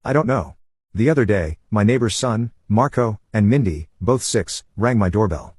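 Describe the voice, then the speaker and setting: A man narrating online stories in an even, unhurried reading voice. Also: lowish voice, husky, no room sound, studio quality.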